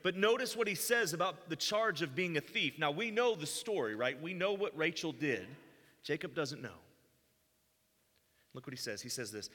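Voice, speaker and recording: A man preaching with a bright, forceful voice that sits a little high. His words ring out through a large hall with a long reverb tail, and he acts out the quoted lines as he teaches. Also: lively intonation, normal speed. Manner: acts out quoted speech with rising intensity. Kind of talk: sermon with Bible reading.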